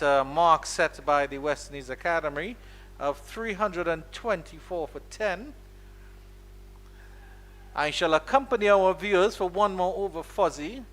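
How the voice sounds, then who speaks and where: A man with a Caribbean accent giving live, playful ball-by-ball cricket commentary, his voice climbing high when the ball runs to the boundary. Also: fairly bright tone. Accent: Caribbean English. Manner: playful, rises sharply on boundaries.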